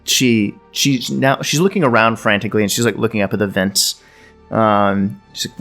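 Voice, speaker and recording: Male game master with a low voice, easygoing halting delivery, soft music under. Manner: loose, hesitant narration with fillers. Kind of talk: narrating a tabletop game.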